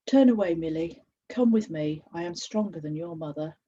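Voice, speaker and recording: A woman's voice: fairly low pitch, lively intonation, moderate pace, warm tone, lo-fi sound, a little hiss or hum, natural voice. Fear, a woman voicing a controlling male spirit. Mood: angry. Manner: commanding, insistent.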